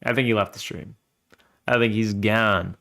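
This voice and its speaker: A man's voice: on the low side, steady tone, moderate pace, vocal fry, sharp tone. A man streaming a game, chatting casually, laughing often and reading its dialogue aloud. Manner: reads all the game's characters aloud, laughs often, swears. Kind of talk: casual let's-play chat with read-aloud game dialogue. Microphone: desk microphone.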